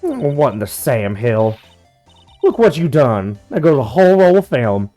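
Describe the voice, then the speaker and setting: A man voicing a brash, feisty young woman photographer with a put-on American Southern drawl, loud and sassy. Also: mid-range voice, animated, normal speed, faint music behind, natural voice.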